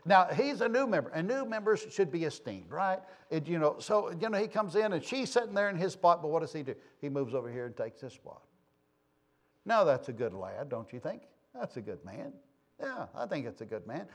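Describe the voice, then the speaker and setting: A man's voice: a little high, big pitch swings, fairly quick. A man preaching a sermon in a church, folksy and conversational, teasing members of his congregation. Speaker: pastor. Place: church sanctuary.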